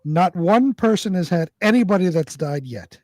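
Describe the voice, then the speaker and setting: A man's voice: sits high, expressive, moderate pace, darkish tone, dry recording. A man co-hosting a casual live-stream chat show, talking hesitantly with many fillers while reading out lists. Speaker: co-host.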